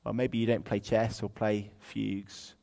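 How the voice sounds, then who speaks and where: A man's voice: lowish voice, little pitch movement, unhurried, creaky, darkish tone. A man preaching a sermon in a chatty, humorous way, animating the verses he reads aloud.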